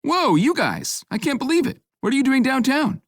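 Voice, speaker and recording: An overjoyed, oblivious young man from an audiobook, voiced by a male narrator, whose voice jumps high with excitement. He speaks brightly, close to the mic, in a dry studio sound. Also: moderate pace, no echo, exaggerated voice. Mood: excited. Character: excitable cheerful young man Reggie, loud.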